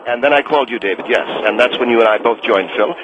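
A man's voice: mid-range voice, fast, voice pushed down, close to an everyday voice. A man voicing a crude, bitter rabbi on the phone, cutting in with dry insults. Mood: measured. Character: crude bitter rabbi phoning from a pool hall. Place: pool hall. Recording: phone call with crowd noise.

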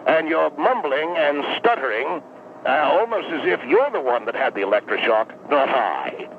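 A man's voice: fairly high pitch, big pitch swings, moderate pace, a little hiss or hum. A man voicing a prickly, aggrieved ex-convict who calls in, talking in wordy, pompous phrases. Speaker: caller. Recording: tinny phone line.

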